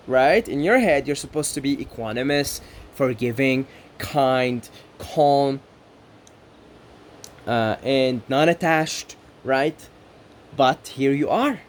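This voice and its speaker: A man's voice: medium pitch, slight background noise. A man from the Middle East giving an earnest, reflective self-help monologue, often checking in with "right?" and building rhythmic lists. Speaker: spiritual self-help speaker.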